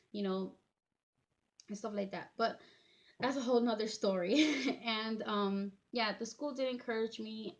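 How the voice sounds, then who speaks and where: A woman in her thirties tells a personal story to her viewers, her speech halting and full of fillers and restarts. She sounds tearful, and her voice has a gravelly edge. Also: medium pitch, muffled recording. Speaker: vlogger.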